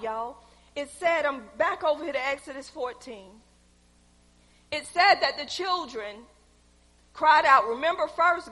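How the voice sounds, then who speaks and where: A woman preaching a sermon, calling out to her congregation and building to loud, fervent exhortation. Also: high voice. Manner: calls out to the congregation. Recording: long hall reverb.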